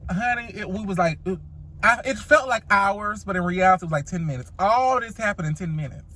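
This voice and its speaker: Speaking briskly in a mid-range, fairly bright voice, a woman recounts a dramatic story straight to camera for her casual storytime vlog. She's sassy and profane, addressing viewers as honey and child.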